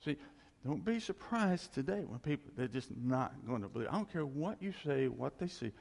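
A male pastor preaches with a gravelly, somewhat high voice that swings widely in pitch. He talks in a loose, chatty way, laughing lightly and repeating his points for emphasis. The sound carries a long hall reverb. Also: animated, normal speed, darkish tone. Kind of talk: sermon.

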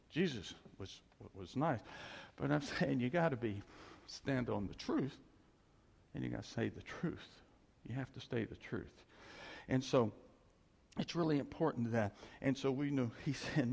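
A man's voice: mid-range voice, vocal fry, slightly rough, long reverb tail. A man preaching a sermon in a conversational way, laughing now and then and hammering points with repetition. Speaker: pastor.

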